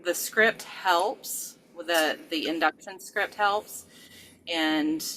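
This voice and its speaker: Hesitant woman with a bright voice. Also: lowish voice, extremely slow, slight background noise, low-quality recording. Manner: hesitant, many fillers and restarts. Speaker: regression therapist, co-host. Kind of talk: casual conversation.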